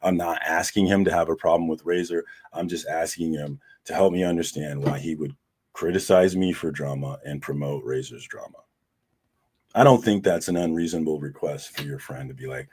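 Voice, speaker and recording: A man's voice: rumbling low, brisk, a little mellow, husky. A man hosting a casual livestream, talking bluntly and with lots of swearing as he recounts an argument to his viewers. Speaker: host of a comic community livestream.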